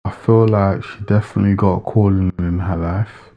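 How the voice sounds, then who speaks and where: A man's voice: low voice, steady tone, moderate pace, muffled recording. A man giving earnest, insistent commentary as he reacts to a video clip. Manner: earnest, insistent, repeats for emphasis.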